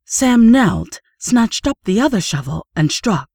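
A woman reading a horror story aloud in steady, measured audiobook narration. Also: a little high, husky, dry recording, studio quality.

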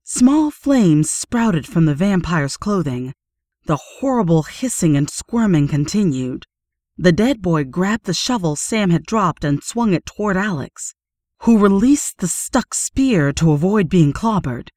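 Measured woman narrating, low and dry. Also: dry recording. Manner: steady, measured reading. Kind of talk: audiobook narration.

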